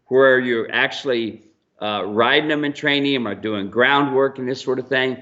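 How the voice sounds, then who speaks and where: A man's voice: mid-range voice, fairly bright tone. A man who trains mules, telling rambling, folksy stories on a radio show. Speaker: mule trainer and ranch owner. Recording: dull lo-fi broadcast audio.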